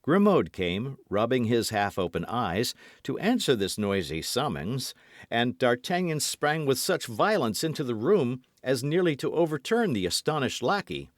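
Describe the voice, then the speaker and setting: A male narrator reading a classic novel aloud with a lively, swinging delivery. His voice sits in a middle register, dry and close. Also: medium pitch, moderate pace, dry recording. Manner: expressive storytelling. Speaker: audiobook narrator. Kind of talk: scripted narration.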